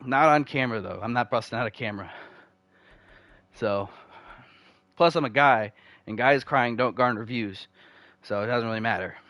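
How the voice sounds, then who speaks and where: A young man talks through a sports video game in a loose, rambling way, cracking self-deprecating jokes between quick runs of stats. His voice sits at an ordinary middle pitch. The sound is dry and close, with no room behind it. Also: fairly bright tone, dry recording. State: uncomfortable, needs the bathroom. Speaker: video game franchise mode host. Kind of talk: casual gameplay commentary.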